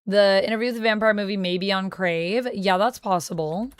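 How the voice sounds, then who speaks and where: A young woman streaming from home, chatting casually with her viewers and thinking out loud into a close mic. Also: medium pitch, brisk, clean tone, dry recording. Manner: chatty, talks to chat, thinks aloud. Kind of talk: casual livestream chat.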